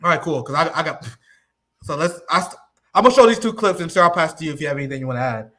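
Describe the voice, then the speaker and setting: A man hosting a stream, giving casual, profane, excited commentary on a played clip. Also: fairly high pitch, very fast. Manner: excited, profane, loud reactions. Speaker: stream host.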